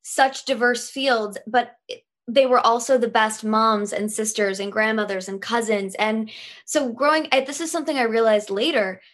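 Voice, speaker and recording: A woman actress chats as a podcast guest in a fairly high voice. She speaks in articulate, thoughtful sentences and laughs easily between points. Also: steady tone, moderate pace, fairly bright tone. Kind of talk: casual interview chat.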